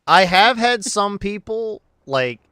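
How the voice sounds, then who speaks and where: A man's voice: high voice, lively intonation, takes it slowly, sharp tone, smooth, no echo. A man chatting with friends, stammering a little and poking fun at himself. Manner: stammering, self-mocking. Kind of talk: casual group chat.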